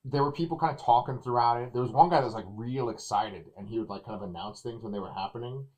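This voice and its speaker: A man reviewing a movie in casual chat, animated and acting out what others said. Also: mid-range voice, fast talker, rough recording. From Texas. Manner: animated, acts out quotes loudly.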